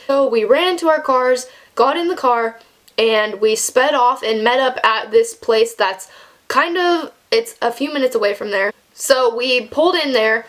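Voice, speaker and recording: A young woman telling a storytime vlog in a chatty, casual way, with lots of "like" fillers. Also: a little high. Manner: chatty, filler-heavy, animated when retelling. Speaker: vlogger.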